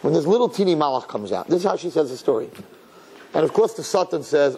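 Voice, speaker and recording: A man giving a sermon as a rabbi, telling a story in an animated, dramatic, conversational way. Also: on the high side, fairly quick, husky, low-quality recording.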